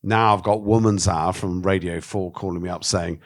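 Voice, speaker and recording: A man with a very low voice speaks candidly in an interview. He tells stories with animation and swears freely. He acts out the voices of the people he quotes. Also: level tone, normal speed. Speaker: documentary filmmaker, interviewee.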